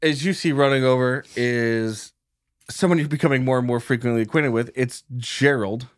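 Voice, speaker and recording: A man's voice: mid-range voice, normal speed, no echo, studio quality. A man narrating as game master in an easygoing, matter-of-fact way.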